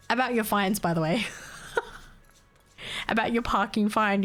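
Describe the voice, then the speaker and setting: A woman's voice: mid-range voice, measured pace, pauses often, a bit bright. Exasperated young woman streamer. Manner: exasperated venting, laughs often, swears. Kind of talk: casual chat with stream chat.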